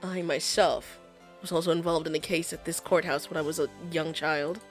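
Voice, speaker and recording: A grave, formal male prosecutor, as a woman puts him on for a game playthrough, speaking low and measured with a proper, solemn air. Faint music runs underneath. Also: steady tone, close to an everyday voice. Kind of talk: reading game dialogue aloud.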